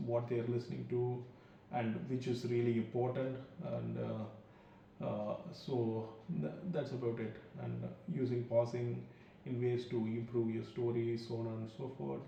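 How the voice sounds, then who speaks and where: A man's voice: medium pitch, gravelly, mellow, slight background noise. A man hosting a podcast, giving a rambling, loose film review on his own. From India. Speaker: podcast host. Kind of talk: casual solo film review. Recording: very echoey room, mic far off, dull lo-fi sound.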